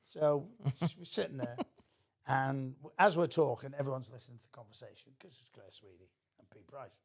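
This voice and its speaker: A man's voice: medium pitch, moderate pace. An older man, telling a theatrical anecdote as a podcast guest. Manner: theatrical storyteller.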